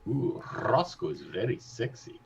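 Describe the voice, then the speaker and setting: A playful man in a tabletop game with a low, lively voice. His mic sounds dull and muffled, with a faint hiss behind. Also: measured pace, crowd noise. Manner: joking, playful. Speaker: player. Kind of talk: casual chat.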